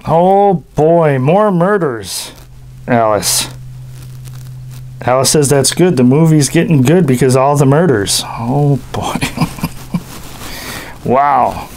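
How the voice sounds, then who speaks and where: A male horror-movie host chats about the film in a slow, relaxed way. His voice sits a bit high, and he makes easygoing jokes with a co-host off mic. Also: slight background noise. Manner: chatty and jokey, talks to a co-host off mic. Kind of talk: casual commentary.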